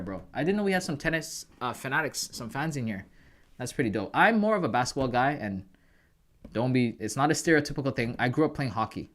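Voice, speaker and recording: A man from Canada hosts a trading livestream, chatting loosely with his viewers. His pitch sits in a middle range and moves around a lot, and he calls his audience "bro" and "guys". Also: fairly bright tone. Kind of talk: casual livestream chat.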